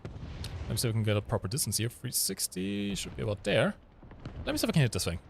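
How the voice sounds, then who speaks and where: Lively dry-humored man commentating gameplay. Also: medium pitch, quick pace, creaky, a little hiss or hum. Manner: dry joking, explains mechanics while playing. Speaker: stream co-host playing the game.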